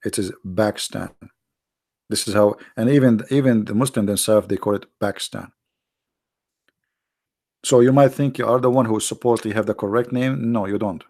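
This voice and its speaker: A man with an Arabic accent hosting a live online talk, animated and mocking, often repeating himself. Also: lowish voice, brisk. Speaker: online show host. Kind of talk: casual live-stream talk.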